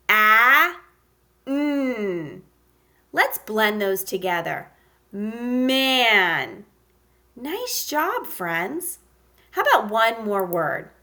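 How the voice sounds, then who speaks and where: Woman, kindergarten phonics teacher, unhurried and encouraging, bright lively voice. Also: fairly high pitch. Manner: slow, encouraging, sounds out letters with exaggerated emphasis. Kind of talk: phonics lesson for young children.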